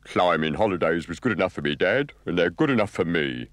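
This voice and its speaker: A man voicing a mild, slightly glum male caterpillar for a storybook record, speaking slowly and wistfully. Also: low-pitched, expressive, no room sound.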